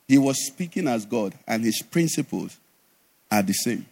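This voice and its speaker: A middle-aged man preaching a sermon as pastor, animated, with sudden drops to a low conversational voice. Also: moderate pace.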